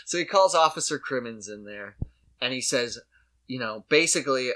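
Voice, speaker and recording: A man in casual comedic chat, telling an animated story and slipping into put-on voices. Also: medium pitch, moderate pace.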